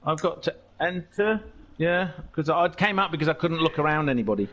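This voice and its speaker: Male streamer, rambling and playful, somewhat high-pitched, lo-fi audio. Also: animated, fairly quick. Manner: chatty, joking, rambling. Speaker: streamer, race host. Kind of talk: casual chat during online racing.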